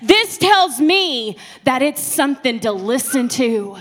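A woman, preaching a passionate sermon that swings between soft and loud. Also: high-pitched, very animated, slow pace.

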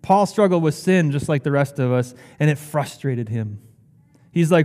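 Male pastor, sermon, fairly high voice, impassioned scripture reading, long hall reverb. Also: animated, moderate pace, a little mellow. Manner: impassioned, rising in pitch when quoting scripture.

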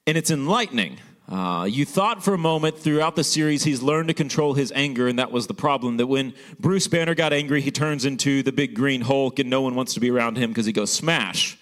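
A man's voice: medium pitch, fairly quick, fairly bright tone. A young man preaching a sermon as pastor, in a casual storytelling manner with many fillers.

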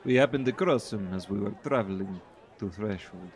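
A man playing a tabletop role-playing game, relaxed and a little hesitant. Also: fairly low pitch, normal speed, some chatter behind. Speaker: player.

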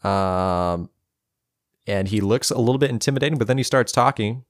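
A man's voice: fairly low pitch, normal speed, no room sound. A man co-hosting a casual board game podcast, joking and rambling with a laugh often in his voice, recorded close and dry on a podcast mic. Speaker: podcast co-host. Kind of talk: casual chat.

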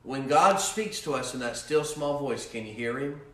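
A male pastor preaching a sermon in a repetitive cadence that swells with fervor and then softens into prayer. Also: medium pitch, lively intonation, normal speed. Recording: roomy echo, mic at a distance.

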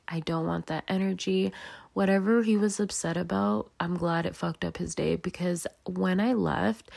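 A woman's voice: on the low side, vocal fry, darkish tone, no room sound. A young woman hosting a podcast, telling a story in a blunt, casual way, swearing freely and acting out what people said. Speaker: podcast host.

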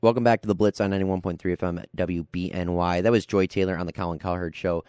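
A man with a lowish voice hosts a laid-back sports talk show on college radio. He rambles and fills gaps with ums and you-knows, sounding affable. The sound is dry and close. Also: steady tone, fast talker, a little mellow, dry recording, faint music behind. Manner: rambling, filler-heavy, affable.

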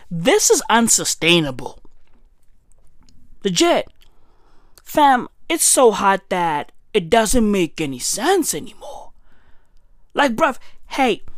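Brief: man, exasperated profane rant, slow delivery with big pitch swings, dry close sound. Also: fairly bright tone, no echo. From South Africa. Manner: profane, exasperated ranting with slang fillers. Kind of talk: casual monologue vlog. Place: dark room at home, no fan.

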